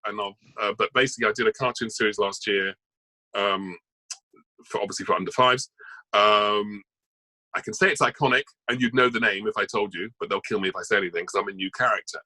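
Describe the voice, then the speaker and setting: A man's voice: lowish voice, pushed and bright, dry recording, poor audio. A man, an actor and voice artist, chatting as an interview guest and rambling through his news with many asides. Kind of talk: casual interview chat.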